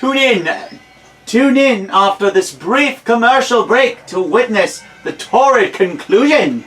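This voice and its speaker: A man's voice: extremely high pitch, animated, slow, fairly bright tone, faint music behind, voice pushed up, exaggerated voice, low-quality recording. A man voicing a boastful, impatient male TV adventure host in a video game, with a put-on Australian accent, reading the lines with theatrical announcer flair and sarcastic asides. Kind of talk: reading game dialogue aloud.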